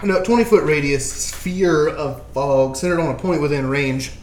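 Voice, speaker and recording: A man's voice: on the high side, normal speed, darkish tone. Man, tabletop player, loose "like"-filled talk, roomy echo and faint noise. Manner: casual, "like"-filled explaining. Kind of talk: tabletop game play.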